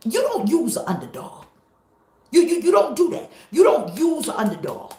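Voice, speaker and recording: A woman pastor preaching a live-streamed sermon, emphatic and repetitive, sometimes breaking into shouts. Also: high-pitched, huge pitch swings, normal speed, reverberant.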